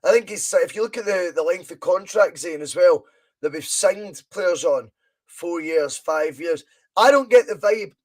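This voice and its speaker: A man's voice: high voice, lively intonation, a little slow. A Scottish man hosting a live football watch-along podcast, chatting in a rambling way and reading viewer comments aloud. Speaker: podcast host.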